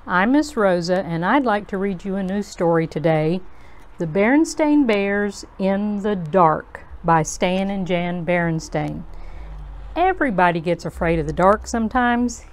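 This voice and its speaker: A woman reading a children's storybook aloud to kids as host, in a slow, gentle, expressive way. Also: medium pitch.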